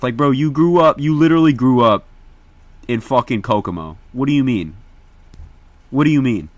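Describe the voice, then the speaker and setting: A young man from Indiana, chatting casually to viewers on a livestream in an excitable, slangy, profane way. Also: medium pitch, normal speed, long pauses, no echo.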